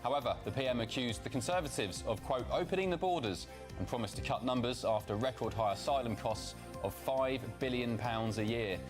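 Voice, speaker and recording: A man presenting the news, relaxed and jokey between stories. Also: mid-range voice, fairly quick, over music. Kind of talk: news reading and studio banter.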